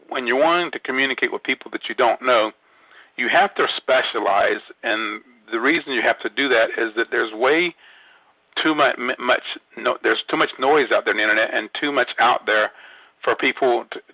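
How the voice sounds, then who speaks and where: A man's voice: mid-range voice, moderate pace, no echo. A man hosting an online training webinar, talking casually and rambling with many fillers and restarts. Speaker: webinar host. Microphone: phone line. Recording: dull lo-fi dry audio.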